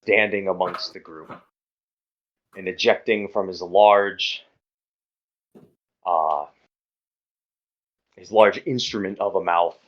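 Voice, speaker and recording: A man with a lowish voice runs a tabletop game, describing each arrival at a very slow, easygoing pace with plenty of pauses. The recording is dull and lo-fi. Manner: relaxed, hesitant narration with fillers. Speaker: game master. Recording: muffled lo-fi audio.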